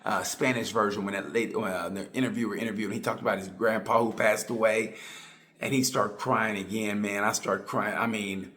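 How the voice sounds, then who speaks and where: A middle-aged man talks in a loose, rambling monologue, excitable and tongue in cheek. His voice sits on the low side and he keeps circling back to his points. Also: moderate pace. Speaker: motorcycle racing commentator. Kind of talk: casual monologue.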